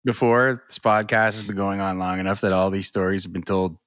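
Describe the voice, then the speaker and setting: A man's voice: low-pitched, level tone, a bit bright, clean tone, no room sound. Guy in his 30s on a podcast, stop-start storytelling, dry mic. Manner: halting, many fillers and restarts. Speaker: podcast co-host. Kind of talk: casual chat.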